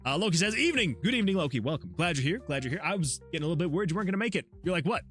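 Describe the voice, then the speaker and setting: A man's voice: a little high, lively intonation, rapid-fire, soft background music. A man, a solo game developer, chatting casually on his livestream, laughing often and reading chat messages aloud. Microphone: USB desktop mic.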